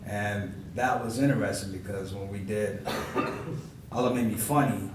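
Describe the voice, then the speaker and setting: Unhurried and lowish in pitch, a forties-aged comedian spins stories on a panel, slipping into the voices of those he quotes with laughter and animation. The mic is a bit far off in a large, echoing hall, and noise runs beneath him.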